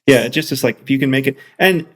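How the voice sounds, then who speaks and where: A man being interviewed as a software founder, talking casually with lots of restarts and excited asides. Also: medium pitch, quick pace.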